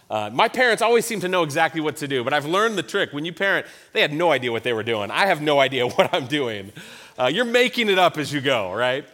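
A man's voice: high voice, fairly bright tone. A man in his thirties preaching a sermon, telling a personal story in a conversational way with emphatic repetition. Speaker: pastor.

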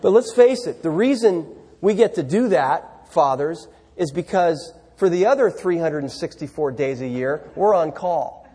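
A man's voice: on the high side, lively intonation, unhurried, mellow, slightly rough, in a large hall. A man preaching a sermon, talking in a conversational way and putting questions to his congregation. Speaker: pastor.

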